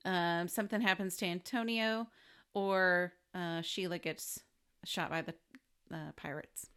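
A woman's voice: on the low side, steady tone, measured pace, a bit bright, smooth. A woman co-hosting a movie chat, adding dry asides and short agreements. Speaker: podcast co-host. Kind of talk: casual chat.

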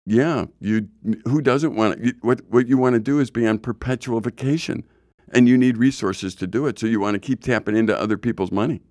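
A man's voice: medium pitch, fairly quick, darkish tone, no room sound, clean studio sound. A middle-aged man co-hosting a casual podcast discussion, blunt and opinionated, with frequent stammered restarts. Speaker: podcast co-host.

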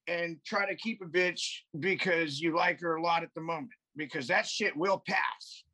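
A man with a slightly raised, husky voice tells rambling, swear-laden stories as a podcast guest. He talks over a video call in a loose, casual chat. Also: a little high, moderate pace, hardly any pauses, bright, forceful tone, rough recording. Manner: profane, rambling storyteller.

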